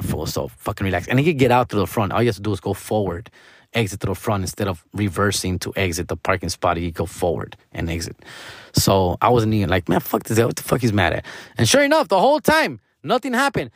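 A man's voice: fairly low pitch, a bit bright, dry recording, studio quality. A young man telling a story in profane, slangy street talk, dropping Spanish words, as a comedian. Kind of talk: casual storytelling.

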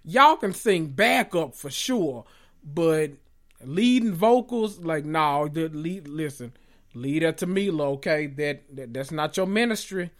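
A podcast host giving a sassy, animated recap of a reality show, full of joking asides and cursing. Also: medium pitch, measured pace.

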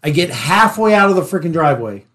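A man's voice: fairly high pitch, big pitch swings, quick pace, a bit bright. A middle-aged man, a former police officer, telling stories casually and animatedly, often laughing. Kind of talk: casual storytelling.

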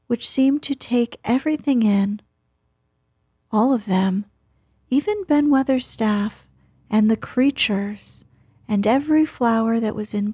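Woman whispering a bedtime story, super slow, dark and breathy, dry close mic. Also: fairly high pitch, no room sound. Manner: soft whisper, slow and gentle.

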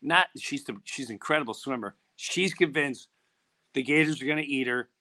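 This is a middle-aged male podcast host at a moderate pace with a mid-range voice. He spins a story in a casual way, lively throughout, and acts out the voices of those he quotes.

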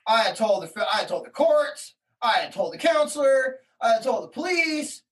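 Telling a personal story as an interview guest, a man speaks in a very high, fairly bright voice with lively intonation at a moderate pace. His talk is rambling, slangy and heated, packed with quoted exchanges, and he sounds somewhat distant from the mic.

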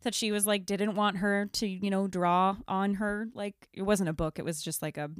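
A woman in her thirties on a podcast, telling an animated story casually and saying "like" often. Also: medium pitch, normal speed, clean tone, no echo, clean studio sound. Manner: animated storytelling, heavy use of "like". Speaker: podcast co-host. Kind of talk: casual chat.

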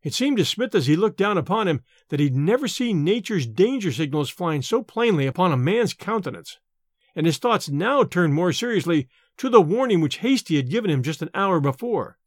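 Expressive male horror storyteller. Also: sits high, moderate pace, no echo, studio quality. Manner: dramatic, expressive reading. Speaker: narrator. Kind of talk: scripted narration of a horror story.

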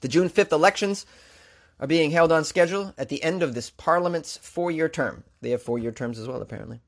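A man's voice: on the high side, fairly quick. A man with a Boston accent, a comedian hosting a comic news show with wry, joking asides. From Boston area.

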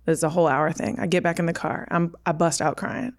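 A woman's voice: fairly low pitch, flat delivery, brisk. A woman in her thirties, a podcast guest, telling a personal story in an emphatic, vivid way. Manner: emphatic, repeats "listen", vivid retelling.

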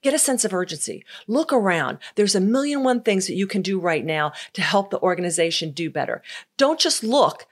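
A middle-aged woman hosting a motivational leadership podcast, talking in an emphatic, energetic way. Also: mid-range voice, fairly quick. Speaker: podcast host.

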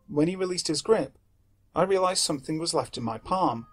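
A man narrating a horror story in a measured, somber way. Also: on the high side, expressive, fairly bright tone, breathy edge, faint music behind.

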